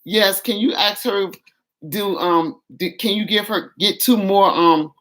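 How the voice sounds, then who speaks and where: A woman's voice: mid-range voice, measured pace, a bit bright, close to an everyday voice. A woman voicing a broke young female coworker who pleads and hesitates as she asks for food. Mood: hesitant.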